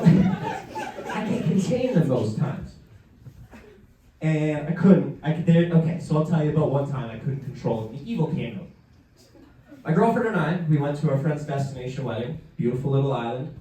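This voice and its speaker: Stand-up comic, male, lively storyteller, roomy distant live sound. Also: brisk, a little hiss or hum. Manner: animated, acts out characters with pitch jumps. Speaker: stand-up comedian. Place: comedy show in a museum hall. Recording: roomy live venue, mic heard from afar.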